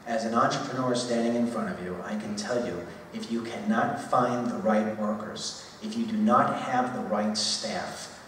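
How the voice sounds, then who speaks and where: Man, 40s, lecture-hall speaker, low and conversational with emphatic repeats, roomy distant sound. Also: fairly bright tone, slight background noise. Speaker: speaker at a university talk. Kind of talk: public speech. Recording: echoey hall, voice from far off.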